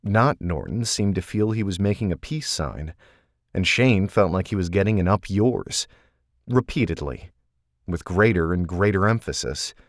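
A male narrator reads a novel with a measured, steady delivery. His voice sits very low, and the recording is close and dry with no room sound. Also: no room sound. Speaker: audiobook narrator. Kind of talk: scripted narration.

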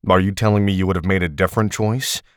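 A man's voice: deep voice, steady tone, fast, clear, resonant tone, no room sound, studio quality, close to an everyday voice. A male narrator voicing a tired, defensive ex-agent who snaps back when pressed. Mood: heated, defensive. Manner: snappish and defensive. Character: tired, defensive man, snapping ex-field agent.

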